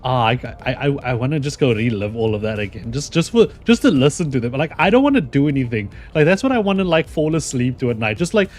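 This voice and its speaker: A man streaming a video game, chatting casually and excitedly, rambling and laughing as he goes. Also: mid-range voice, quick pace, hardly any pauses, soft background music. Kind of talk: casual gameplay commentary.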